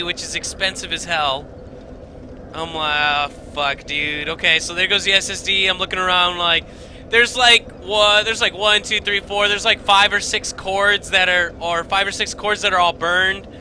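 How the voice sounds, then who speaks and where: Young male streamer, high bright voice, rambling swear-heavy story, desk mic at home with light hiss. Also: rough recording. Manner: rambling, animated, swearing, many fillers and restarts. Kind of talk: casual storytelling to stream viewers. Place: home basement room.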